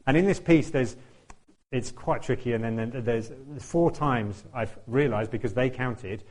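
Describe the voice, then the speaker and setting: A man's voice: mid-range voice, normal speed, darkish tone. A man telling a chatty, self-deprecating story during a church talk, laughing often and acting out what people said. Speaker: church speaker. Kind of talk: anecdotal sermon storytelling.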